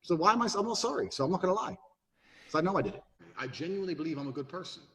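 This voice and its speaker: A man's voice: high-pitched, expressive, racing, a bit bright. Blunt, profane man in a roomy space. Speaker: interview guest giving advice to men. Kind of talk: podcast interview talk. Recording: roomy echo.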